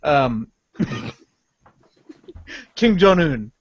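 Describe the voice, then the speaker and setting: A man's voice: on the high side, sing-song, drawn-out words. A man co-hosting a casual comedy podcast, rambling sarcastically and laughing often. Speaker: podcast co-host. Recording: muffled, dry podcast audio.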